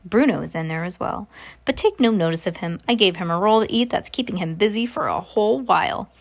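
A woman reading the part of a kindly, protective old grandmother in a soft, hushed voice. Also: medium pitch, lively intonation, fairly quick, creaky.

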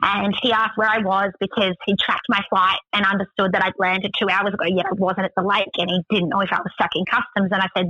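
A woman's voice: mid-range voice, level tone, a little fast, hardly any pauses, pushed and bright, no echo, dull audio. An Australian woman telling a story as a guest in casual chat, full of "like" fillers. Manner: chatty, many "like" fillers.

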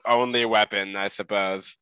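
A man's voice: lowish voice, steady tone, measured pace, bright, forceful tone, clean tone. A man playing a tabletop game, making wry, joking asides in casual chat. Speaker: player.

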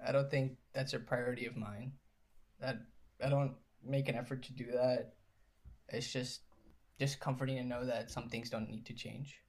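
A young man co-hosting a podcast among friends, giving advice in a calm, thoughtful way. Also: medium pitch, normal speed. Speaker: podcast co-host. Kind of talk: casual chat among friends.

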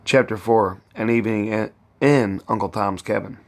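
A man's voice: on the low side, normal speed. A man reading a novel aloud in an unpolished way, stopping to correct his slips. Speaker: reader. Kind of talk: audiobook narration.

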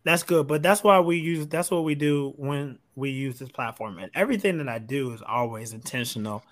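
A man hosts a podcast and talks in a relaxed, conversational way. His voice sits at an ordinary male pitch and is recorded dry and close, with no room sound. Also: normal speed, no room sound. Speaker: podcast host. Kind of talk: casual chat.

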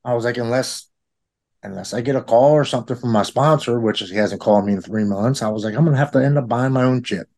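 A man's voice: medium pitch, quick pace, a little mellow. A man in his forties telling a heartfelt story in casual conversation, acting out the people he quotes with a raised voice. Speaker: guest in recovery.

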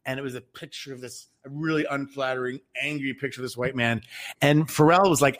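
A man's voice: medium pitch, fast, fairly bright tone. A man in casual chat, telling a story in a rambling way with many restarts and fillers.

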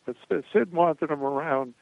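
A man's voice: a little high, normal speed, vocal fry, dry recording. An older man, a guest in an interview, telling stories in a rambling way and chuckling now and then. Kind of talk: anecdotal storytelling interview. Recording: tinny phone-like line, dry.

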